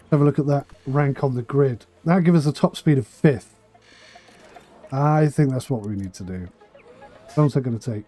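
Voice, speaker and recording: Mellow-voiced man thinking aloud over a game. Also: fairly high pitch, no room sound. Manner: thinks aloud while playing, dry asides. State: slight tickly throat with coughs. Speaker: game streamer. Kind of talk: casual charity livestream commentary.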